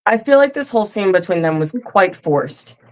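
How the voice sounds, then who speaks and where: A woman's voice: medium pitch, sing-song, normal speed, a little mellow. A woman co-hosting a podcast, chatting casually and bluntly about a TV episode, swearing freely. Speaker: podcast co-host. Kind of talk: casual recap chat.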